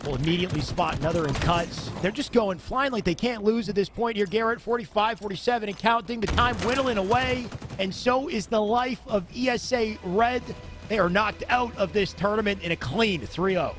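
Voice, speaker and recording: A man calls esports play-by-play with quick, energetic delivery, his voice sitting slightly high for a man. He narrates every move as it happens, with game gunfire going off behind him. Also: over music. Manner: quick, energetic calling of the action.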